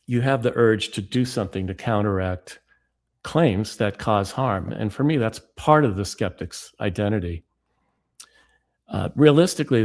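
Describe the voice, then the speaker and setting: A man giving a lecture as author and speaker, reading book excerpts in a measured, deliberate way. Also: on the low side, a little mellow.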